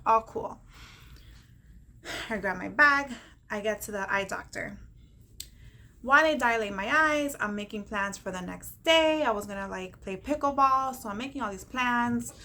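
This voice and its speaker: A woman with a bright, clear voice recounts a personal ordeal straight to camera in a lively vlog style. She acts out the dialogue of others along the way, laughs between lines, and turns to warm encouragement for her viewers. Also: a little high, moderate pace, pauses often. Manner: animated, acts out quoted dialogue, laughs often; encouraging, faith-filled pep talk. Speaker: vlogger telling her story.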